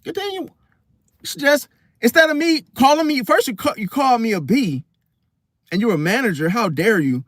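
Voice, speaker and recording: A man with a high, very lively voice tells a story to his viewers, slangy and full of cussing. His delivery swings up and down constantly, and the sound is dry and close. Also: normal speed, dry recording. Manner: animated, slangy and profane, addresses viewers directly. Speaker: astrology vlogger. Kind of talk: casual storytelling to camera.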